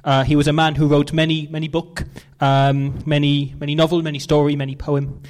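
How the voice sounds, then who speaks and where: A man playing a proud but awkward Russian Eurovision rapper in a put-on Russian accent, speaking halting broken English and then rapping fast. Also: on the high side, little pitch movement, darkish tone, close to an everyday voice. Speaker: comedian.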